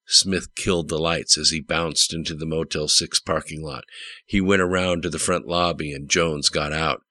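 A man narrating an audiobook with steady, plain storytelling. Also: very deep voice, normal speed, dry recording.

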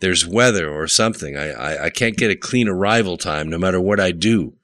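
A man's voice: deep voice, brisk, fairly bright tone. A man playing a stammering, nervous co-pilot. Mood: worried. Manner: stammering, worried.

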